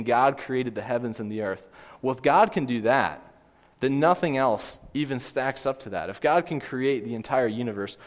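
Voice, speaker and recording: Earnest male pastor in a reverberant hall. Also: mid-range voice. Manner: earnest, asks the listeners direct questions and repeats key points. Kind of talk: sermon.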